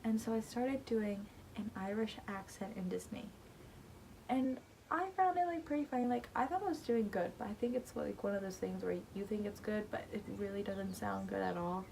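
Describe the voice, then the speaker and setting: A teenage girl vlogs to camera, casually telling stories about her embarrassing moments in a chatty, rambling way, saying "like" a lot and drifting into asides. Her voice is medium-pitched, gravelly and darkish, at normal speed, with slight background noise.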